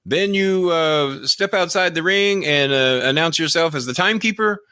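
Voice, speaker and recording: A man's voice: on the high side, moderate pace, sharp tone, smooth, dry recording, clean studio sound, voice pushed up. A man doing an impression of a stern older male wrestling veteran in a put-on Japanese accent, speaking in clipped, commanding broken English. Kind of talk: storytelling impression.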